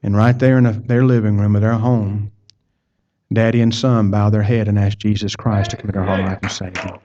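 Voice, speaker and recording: A man's voice: fairly low pitch, flat delivery, brisk, mellow. A man preaching a sermon, telling a personal story in a folksy way and repeating words as he goes. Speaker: pastor. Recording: dull lo-fi sound.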